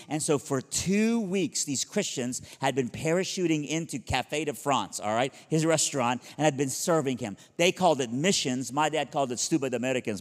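A middle-aged man from Iran preaching, telling a story with lively, acted-out dialogue. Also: fairly high pitch, moderate pace, few pauses. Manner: animated storyteller acting out dialogue with big vocal jumps. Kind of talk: storytelling sermon. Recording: long hall reverb.

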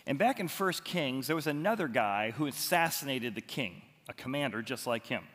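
Male pastor, animated storyteller, voice swinging widely up and down, recorded in a reverberant hall. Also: mid-range voice, normal speed. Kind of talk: expository sermon.

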